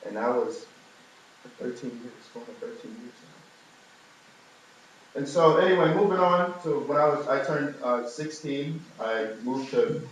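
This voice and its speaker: A man's voice: a little slow, long pauses, a little hiss or hum. Casting: young man from new york, storytelling testimony, heard from far off in a very echoey hall. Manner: storytelling, humorous asides, animated rises in pitch. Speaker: speaker giving a testimony. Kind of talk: personal testimony to a live audience.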